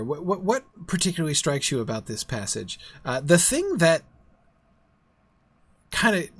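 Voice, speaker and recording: A man's voice: fairly high pitch, sharp tone, no room sound. A man hosting a casual livestream book discussion, rambling with restarts and speaking with enthusiasm.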